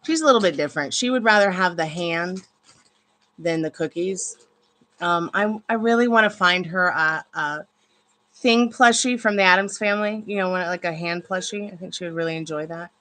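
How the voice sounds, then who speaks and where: Bright-voiced chatty woman streaming from home. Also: on the low side, moderate pace. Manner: chatty, rambling, breaks into baby talk with her dogs. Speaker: tarot reader and live streamer. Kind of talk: casual live stream chat. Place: at home with her dogs.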